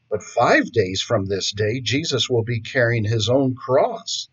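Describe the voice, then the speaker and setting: A man preaching a sermon in a slow, dramatic, emotional way. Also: mid-range voice, breathy edge, highs cut off. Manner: slow, dramatic, emotional delivery with rising emphasis.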